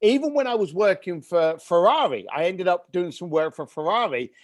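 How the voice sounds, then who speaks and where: A man with a high, light speaking voice tells a story with real energy, acting out his family's lines as he goes. The sound is close and dry, with no room in it. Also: moderate pace, no room sound. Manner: animated storyteller who acts out family dialogue. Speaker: podcast guest. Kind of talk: storytelling interview.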